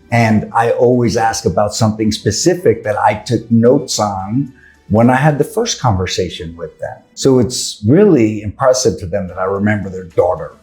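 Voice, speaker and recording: A man from New York with a New York accent, giving a brisk, earnest sales training talk and asking rhetorical questions. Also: fairly low pitch, a little mellow. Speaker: sales coach.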